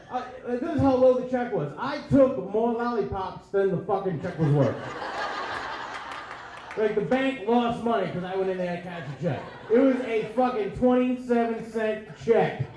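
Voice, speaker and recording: A man doing stand-up comedy, with a profane rant style and shouted bursts, acting out dialogue. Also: very high-pitched, slight background noise. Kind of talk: stand-up set. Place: comedy club stage. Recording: echoey club with crowd laughter. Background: audience laughing.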